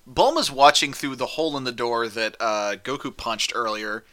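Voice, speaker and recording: A man's voice: medium pitch, normal speed, sharp tone. A man co-hosting a casual podcast, recapping the plot with dry, exasperated asides. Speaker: podcast co-host.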